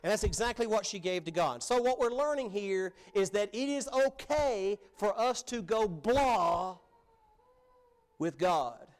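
A man's voice: high-pitched, expressive, normal speed, hardly any pauses. A man preaching a sermon in an earnest way, building to emphatic peaks as he urges his listeners. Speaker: pastor.

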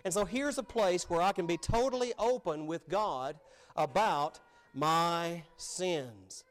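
A man's voice: sits high, slow pace. A man preaching a sermon in an earnest way, building to emphatic peaks as he urges his listeners. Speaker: pastor.

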